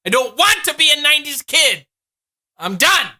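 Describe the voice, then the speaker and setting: A man's voice: very high voice, big pitch swings, normal speed, background noise. A man giving sarcastic, exasperated comedic reaction commentary as a YouTube host. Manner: sarcastic, exasperated, laughing at what he watches.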